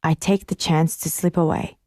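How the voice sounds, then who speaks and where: Woman, audiobook narrator, mellow warm voice, calm measured reading, dry studio sound. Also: low voice, no echo. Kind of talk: first-person audiobook narration.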